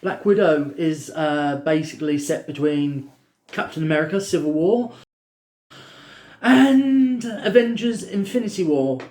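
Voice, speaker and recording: A man's voice: fairly high pitch, measured pace, a little mellow. A man co-hosting a casual film review, opinionated and rambling with many fillers.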